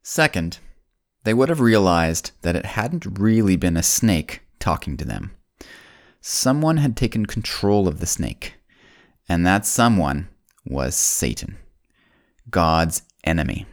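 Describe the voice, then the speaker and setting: Deep-voiced man telling kids a Bible story. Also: big pitch swings. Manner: folksy, speaks directly to the children as "kidzos"; slows down and drops low on solemn points.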